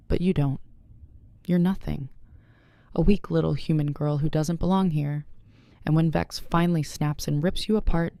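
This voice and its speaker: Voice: mid-range voice, dark tone, no room sound, close to an everyday voice. Narrator voicing a sneering werewolf woman. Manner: mocking, contemptuous. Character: vicious scornful female werewolf rival. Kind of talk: storybook narration.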